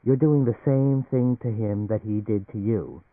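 A man doing a soft-spoken, shrewd young woman. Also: on the low side, unhurried, no echo, natural voice. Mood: calm. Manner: soft, probing, level. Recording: phone-like narrow band, dry.

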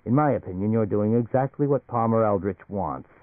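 A man voicing a calm male agency chief with a flat, measured, lowered delivery. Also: no echo, lightly acted. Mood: wry. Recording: phone-like narrow band, dry.

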